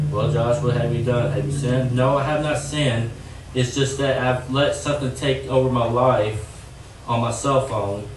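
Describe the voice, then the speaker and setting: A young man giving an earnest, halting testimony to his church. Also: medium pitch, a little hiss or hum. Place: church sanctuary. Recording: echoey church from far off.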